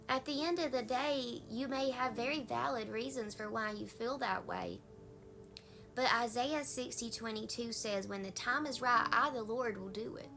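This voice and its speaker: A woman's voice: on the high side, moderate pace, pushed and bright, soft background music. A woman pastor with a Southern US accent, giving a folksy, conversational devotional talk.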